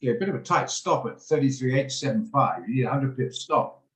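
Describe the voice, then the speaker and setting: A man's voice: mid-range voice, animated, a little fast. A man hosting an online trading session, chatty and blunt, often rambling off topic, heard over a video call. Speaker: trading room host. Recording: roomy echo on a video call.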